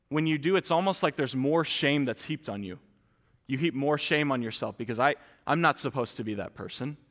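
This male pastor's voice is a little high with a fairly bright tone, carrying the sound of a big room. He delivers a sermon in the church sanctuary, addressing the congregation earnestly and often starting his sentences over.

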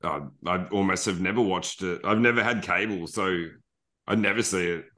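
A man's voice: deep voice, sharp tone. A man with an Australian accent, a guest on a podcast, chatting in a rambling, easygoing way. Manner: rambling, easygoing, quick asides. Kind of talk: casual podcast chat.

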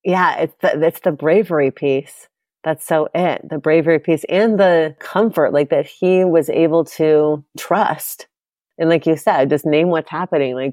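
A woman in her thirties hosts a podcast in a reflective, searching way, circling through thoughts with fillers and restarts. Her voice sits very low for a woman. The recording is close and dry. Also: unhurried, no room sound. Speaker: podcast host. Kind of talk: casual heartfelt conversation.

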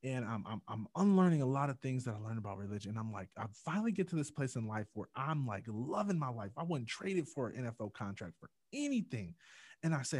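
A man's voice: medium pitch, lively intonation, brisk, a little mellow, no room sound. Earnest man telling his story. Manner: earnest storyteller, acts out quotes with rising intensity. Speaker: podcast guest. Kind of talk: personal testimony in a podcast interview.

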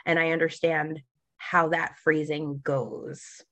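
A woman's voice: low voice, level tone, slow, pushed and bright, no echo. A woman co-hosting a podcast in casual chat, self-assured and talkative, with frequent restarts. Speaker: podcast co-host.

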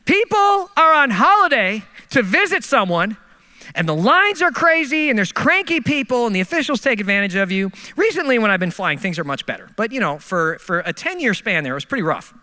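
A man preaching a sermon with a high, very bright, ringing voice. He tells comic stories from the pulpit and keeps breaking into animated, exasperated rants. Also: brisk. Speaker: pastor.

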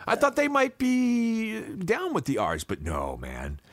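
A man's voice: high voice, slow. A man co-hosting a podcast, telling a story casually and with energy on a studio mic. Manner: animated storytelling. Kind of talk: casual chat.

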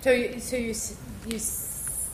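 A woman's voice: on the high side, level tone, measured pace. A woman hosting an interview, asking questions in short prompts. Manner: short prompts and back-channel replies. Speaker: podcast host. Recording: echoey room with noise.

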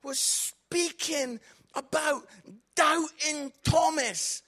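A man with a Scottish accent voicing an eager young man who has just become a Christian, retelling it excitedly. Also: very high-pitched, very slow, voice pushed up, heavily acted.

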